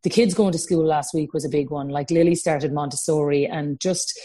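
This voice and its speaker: A woman's voice: low-pitched, fairly even intonation, normal speed, mellow, breathy edge. A woman in her thirties with a Cork Irish accent, chatting in an interview and acting out quoted lines as she tells her stories. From Ireland. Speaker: sports broadcaster, interview guest. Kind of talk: casual conversational interview.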